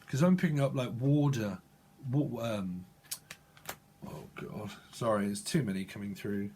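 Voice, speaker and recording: Guy doing a psychic tarot reading, halting, keeps restarting, mid pitch. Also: slightly rough. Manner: halting, restarts and apologizes, talks to the viewer. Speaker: tarot reader.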